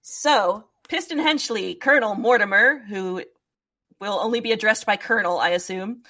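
A woman running a tabletop game as game master, narrating slowly with hesitant fillers. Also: mid-range voice, bright, forceful tone.

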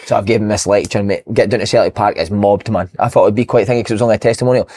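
A man's voice: fairly low pitch, rapid-fire. A man with a Scottish accent telling sweary stories in casual football podcast chat. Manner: sweary, animated storyteller. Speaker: podcast host.

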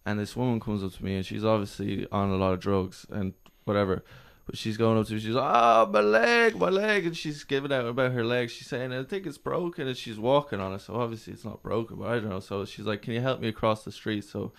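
A man's voice: fairly low pitch, fast, creaky, few pauses, smooth. A man chatting casually on a podcast, telling a story and acting out the people in it. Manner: animated storyteller acting out quotes. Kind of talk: casual chat, anecdote.

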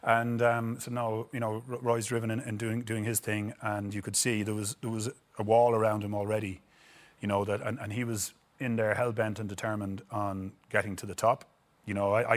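His voice is lowish with a fairly bright tone: a middle-aged Irishman and ex-footballer telling stories in a casual interview, rambling along and repeating words while performing quotes.

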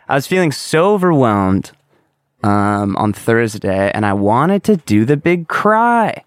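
A man's voice: on the low side, big pitch swings, a little slow, smooth, no echo, clean studio sound. A young man hosting a solo podcast, talking candidly and rambling, with casual swearing. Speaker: podcast host.

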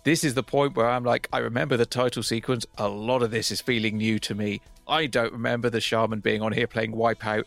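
A British man co-hosting a podcast, telling stories in a relaxed, wry casual chat. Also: medium pitch, a little fast, vocal fry, few pauses, faint music behind. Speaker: podcast co-host.

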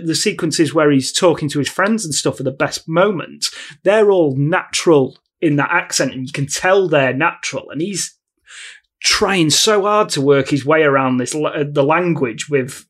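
A man's voice: fairly high pitch, normal speed. A man co-hosting a podcast, giving a wry, dry-humoured film verdict in casual chat. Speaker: podcast co-host.

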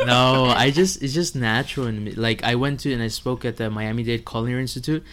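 A man's voice: mid-range voice, fast, a bit bright. A man, a chef guest, telling stories in casual chat, acting out other people's lines and laughing often.

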